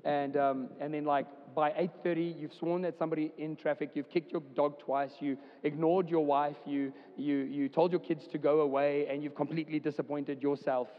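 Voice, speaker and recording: A man's voice: on the high side, level tone, moderate pace, few pauses. A man, preaching a casual, chatty sermon as a church pastor, with many fillers. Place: church hall. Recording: dull sound with long hall reverb.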